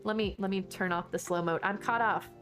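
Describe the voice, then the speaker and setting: A woman's voice: medium pitch, fairly even intonation, fairly quick, fairly bright tone, faint music behind. A woman from Texas, chatting casually with her viewers and answering chat during a game stream.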